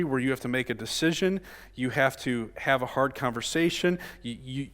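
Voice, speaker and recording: A male pastor preaching a sermon. He swings between loud emphasis and hushed, near-murmured lines, and often checks in with the room by asking "right?". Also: mid-range voice. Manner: frequent rhetorical "right?" tag questions. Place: church sanctuary. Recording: long reverb of a church sanctuary.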